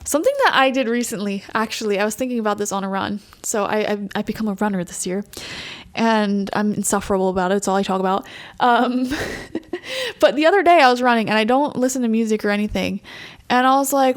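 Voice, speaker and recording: A young woman giving a casual pick-a-card tarot reading, chatty and animated, laughing often. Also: mid-range voice, fast. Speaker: tarot reader.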